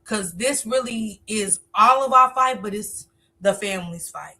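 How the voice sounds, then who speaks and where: A woman's voice: mid-range voice, a little slow, bright, forceful tone. A woman hosting a casual live stream, talkative, reading viewer comments aloud and answering them.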